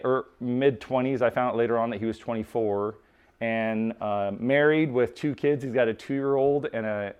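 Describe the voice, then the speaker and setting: A man's voice: medium pitch, clear, resonant tone, highs cut off. Male preacher, informal sermon, mid-range voice, chatty restarts. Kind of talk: conversational sermon storytelling.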